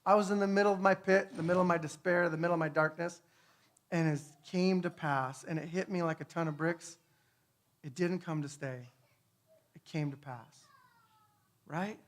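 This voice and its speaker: A man giving a conversational testimony sermon, earnest, swinging between hushed and fervent, with frequent tag questions. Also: a little high, steady tone, normal speed, long pauses. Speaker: speaker.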